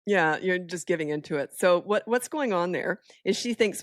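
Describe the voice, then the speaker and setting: A woman's voice: lowish voice, expressive, moderate pace, hardly any pauses, dry recording, studio quality. A woman talking as a parenting expert in a casual podcast chat, firm, direct and matter-of-fact.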